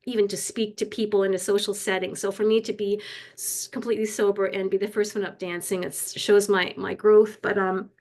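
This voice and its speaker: A woman's voice: medium pitch, little pitch movement, fairly quick, darkish tone. An older woman, a grandmother, sharing a heartfelt, rambling personal story on a video call, tearful at times. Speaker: community member sharing.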